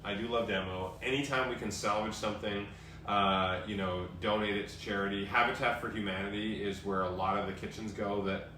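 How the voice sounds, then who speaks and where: A man's voice: lowish voice, steady tone, fairly quick, sharp tone, slight background noise. A man in his thirties in a casual live-stream chat at home, chatty and rambling with many fillers. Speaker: TV host. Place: home, indoors. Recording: echoey room from a distance with faint ambience.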